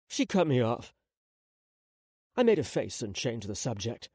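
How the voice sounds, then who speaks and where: A man narrating a romance audiobook in a slow, dramatic first-person telling. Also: medium pitch, big pitch swings, a little mellow, husky, no room sound, clean studio sound.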